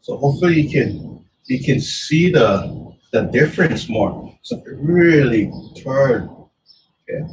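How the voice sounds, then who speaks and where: A man's voice: mid-range voice, animated, measured pace. A man teaching a tai chi lesson, talking in loose, broken phrases as he demonstrates the moves. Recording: distant mic with faint background noise.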